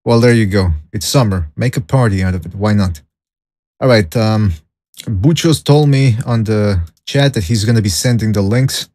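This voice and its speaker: A man's voice: on the low side, a little mellow, dry recording, studio quality. A man hosting a boxing podcast alone. He rambles, gives strong opinions, jokes and reads out the live chat. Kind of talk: solo livestream podcast chat.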